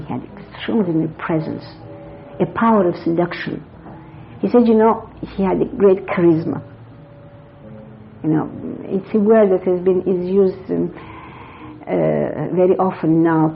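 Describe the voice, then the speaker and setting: An older woman from Iran speaks in a rather low, gravelly voice and recounts events at a rambling, conversational pace. Her words come through a dull, lo-fi 1980s interview tape with a faint hiss behind them. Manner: conversational, digressive, self-correcting recollection. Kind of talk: oral history interview.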